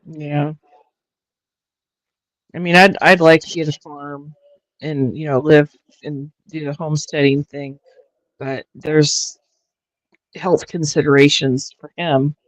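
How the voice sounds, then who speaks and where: A woman hosting a livestream, chatting casually in a halting way with frequent restarts and fillers. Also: sits low, fairly even intonation, dry recording, low-quality recording. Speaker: livestream host. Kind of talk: casual chat.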